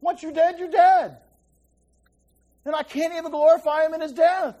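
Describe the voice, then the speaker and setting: A man preaching a conversational Bible teaching, often checking in with his listeners and dropping to a hushed voice to stress a point. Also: very high voice, steady tone, moderate pace, muffled recording.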